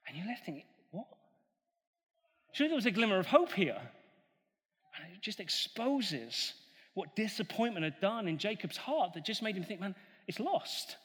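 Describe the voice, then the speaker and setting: A man preaching a sermon, retelling a story in an animated way and acting out the characters' voices. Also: high-pitched, normal speed, pauses often, slightly rough. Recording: long hall reverb.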